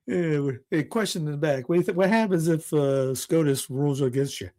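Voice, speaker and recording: A man from Toronto hosting a casual political commentary show, rambling and excitable, often restarting and laughing. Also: fairly high pitch, moderate pace, few pauses. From Toronto, Canada. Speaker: podcast host.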